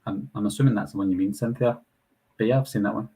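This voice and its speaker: A man's voice: on the low side, steady tone, fast talker, mellow, slightly rough, low-quality recording. A young man with a Glasgow accent, hosting a casual live Q&A and answering viewer comments in a chatty, apologetic way. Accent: Scottish, Glasgow. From Scotland. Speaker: channel host answering live chat.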